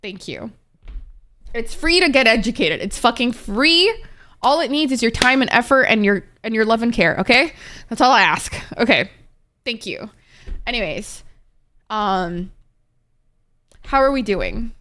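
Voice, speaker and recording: A young woman on a livestream, talking with her chat in a loose, expressive way and cursing without a second thought. Her voice sits a little on the high side. She rambles and thanks viewers as she goes. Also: measured pace, long pauses. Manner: chatty and expressive, swears freely, many fillers. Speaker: Twitch streamer.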